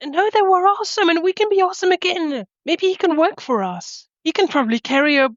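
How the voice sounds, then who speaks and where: A woman speaking in character at a tabletop game, eager and excitable and tripping over her words. Her voice is high. The recording is dry and a little muffled. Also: fairly quick, no room sound. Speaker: player. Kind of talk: in-character tabletop role-play.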